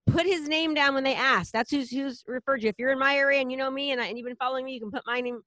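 A woman's voice: sits high, bright, forceful tone, no room sound. A woman leading a real estate team, talking casually and enthusiastically in a promotional chat with a colleague. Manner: enthusiastic, rapid, salesy, repeats herself.

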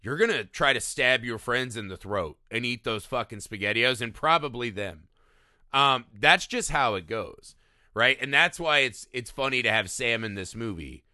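A man's voice: medium pitch, lively intonation, moderate pace, pushed and bright, no echo, studio quality. A man co-hosting a casual film discussion, loose and profane, who keeps tagging his points with "right?". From small-town America. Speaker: podcast co-host.

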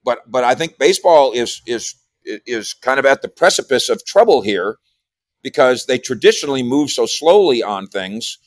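A man's voice: mid-range voice, no room sound. Chatty man on a dry studio mic. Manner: rambling, repeats words, animated when quoting. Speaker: sports columnist and podcaster. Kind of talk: casual radio chat.

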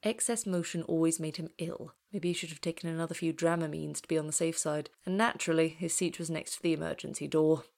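Gravelly woman narrating a horror story. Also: deep voice, fairly even intonation, fast talker, hardly any pauses, a little mellow. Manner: dramatic, drops into whispers.

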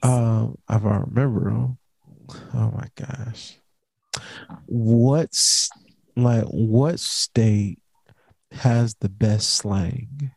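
A man's voice: lowish voice, steady tone, very slow, creaky, pauses often, darkish tone, slightly rough, no room sound. A young man hosting a casual late-night podcast, talking in a laid-back, rambling way full of slang. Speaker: podcast host.

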